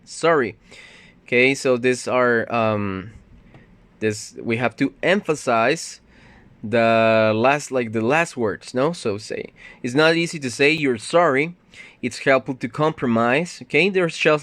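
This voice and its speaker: Male ESL teacher, mid pitch, patient walkthrough, dry close mic. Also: a bit bright, no room sound. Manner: patient, explains step by step with fillers. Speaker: English teacher. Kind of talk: recorded grammar lesson.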